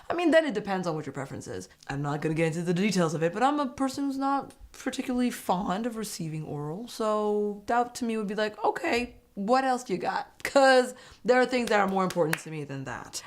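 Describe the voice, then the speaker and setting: A young woman recapping a reality dating show in a casual, animated and opinionated way, laughing often. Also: medium pitch. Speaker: host.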